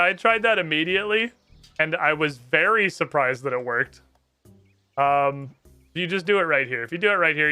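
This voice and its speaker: A man's voice: fairly high pitch, bright, forceful tone, clear, resonant tone. A man streaming a game and chatting casually, swearing and making fun of himself as he plays. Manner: swearing, self-deprecating, chatty. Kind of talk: casual gameplay commentary.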